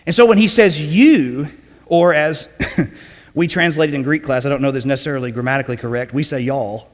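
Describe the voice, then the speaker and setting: A man preaching a sermon in a conversational teaching way, often checking in with "okay?" and clearing his throat. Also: fairly high pitch, normal speed, long reverb tail. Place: church sanctuary.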